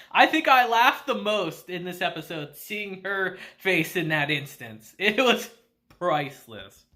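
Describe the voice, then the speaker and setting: A man recapping an anime episode in a loose, slangy way, breaking into laughs as he goes. His pitch swings widely and his tone is bright and sharp. He talks with excited, chatty energy. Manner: animated, laughing often, slangy. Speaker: anime reviewer. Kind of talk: casual video review.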